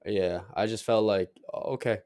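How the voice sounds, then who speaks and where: Podcast co-host, young man, low voice, teasing and relaxed, dry close sound. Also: moderate pace, no room sound. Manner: teasing, laid-back banter. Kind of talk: casual chat.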